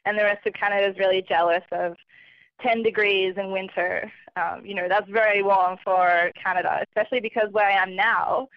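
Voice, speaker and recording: A woman's voice: mid-range voice, brisk, no echo. Chatty woman on a dull phone line. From Australia. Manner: chatty, laughs often, relaxed and self-mocking. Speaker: travelling correspondent. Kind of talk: casual radio chat. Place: calling in from far away.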